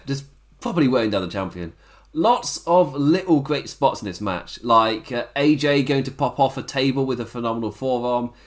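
A man giving a casual solo review of a wrestling show, chatty and loose, laughing often between points. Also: medium pitch.

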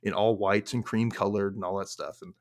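Male podcast host, low register, loose chatty recap voice with dramatized quotes. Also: fairly even intonation, brisk. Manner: chatty, many fillers, acts out quotes. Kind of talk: casual TV recap chat.

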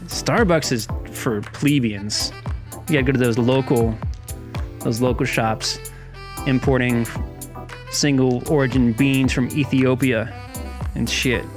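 A man's voice: mid-range voice, little pitch movement, measured pace, pauses often, over music. A man co-hosting a podcast in casual banter, dry and teasing with a mock-snobbish edge. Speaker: podcast co-host.

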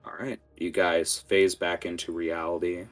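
A man narrating as game master of a tabletop game, halting and full of fillers. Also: low-pitched, little pitch movement, soft background music. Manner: hesitant, many fillers.

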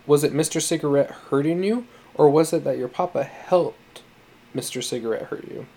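A man reading the part of a tender, patient foster mother who speaks gently and coaxingly. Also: a little high, normal speed. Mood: gentle.

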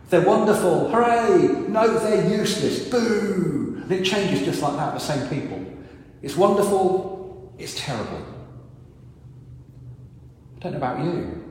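A priest with a rather high, darkish voice delivers a sermon in a large church, telling stories and acting out dialogue and crowd reactions as he goes. The very echoey church gives long reverb, with slight background noise.

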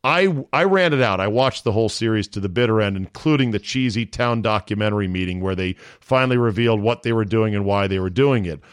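Male sports podcast host; blunt, profane, animated banter; dry close mic. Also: on the low side, quick pace, hardly any pauses, smooth, no room sound. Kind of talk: casual sports talk banter.

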